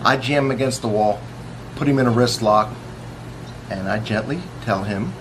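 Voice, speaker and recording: A police officer talking casually to the camera in a boastful, contemptuous way. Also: male voice, medium pitch, normal speed. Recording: noisy recording.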